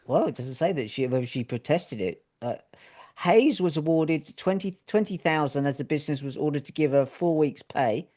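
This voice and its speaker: A man's voice: fairly high pitch, lively intonation, normal speed, darkish tone. A man from Britain co-hosting a podcast, reading news stories aloud with jokey asides. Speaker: podcast co-host.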